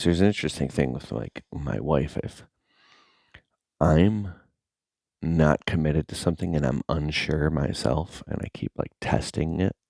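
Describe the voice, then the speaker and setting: Very deep, gravelly man talking casually. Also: darkish tone, no echo, clean studio sound. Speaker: content creator. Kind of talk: casual monologue to camera.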